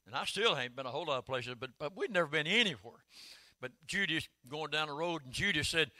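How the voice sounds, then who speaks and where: An older man, preaching a sermon in a folksy storytelling way that swells into shouted calls. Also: a little high, animated, fast talker, few pauses, no echo. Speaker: pastor.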